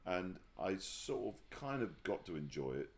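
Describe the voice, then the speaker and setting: Male interview guest, lowish and very expressive pitch, halting but animated storyteller. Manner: halting, restarts sentences, then grows animated telling anecdotes. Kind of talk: casual reflective conversation. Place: livestream conversation.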